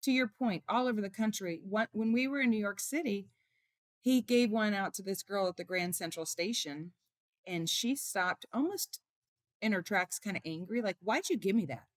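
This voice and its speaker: A middle-aged woman speaking as an interview guest, telling warm family stories with lively emotion. Her voice sits at an ordinary pitch and is recorded dry and close, with no room sound. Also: normal speed, no echo. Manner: emotional, animated storytelling. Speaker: guest, author and mother. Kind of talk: conversational interview storytelling.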